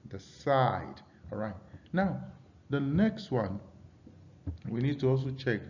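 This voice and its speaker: A man with a Nigerian English accent leads a pronunciation class at a mid pitch. He reads rules aloud and says each example word slowly several times, checking that his students follow. The recording sounds a little dull and lo-fi. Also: darkish tone, slight background noise. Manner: reads from slides, drills example words slowly; asks students questions. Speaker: English teacher. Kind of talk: classroom lesson.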